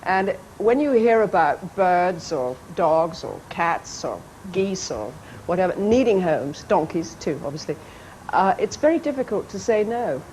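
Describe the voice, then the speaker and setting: A woman with a fairly low voice tells amused anecdotes as a guest on a television chat show, slipping into playful voices when she quotes people. The archive broadcast sound carries a faint steady background noise. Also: unhurried, hardly any pauses, low-quality recording. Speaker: actress and guest. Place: TV studio.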